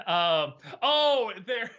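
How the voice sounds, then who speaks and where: A man's voice: high voice, sing-song, extremely slow, pushed and bright, lo-fi sound. A man hosting a casual livestream Q&A, rambling and hesitant with lots of fillers. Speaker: host.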